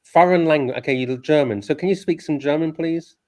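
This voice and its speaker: A man co-hosting a casual livestream chat, animated and prone to rants and laughter. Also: a little high, a little fast. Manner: animated, ranting, laughs easily. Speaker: co-host.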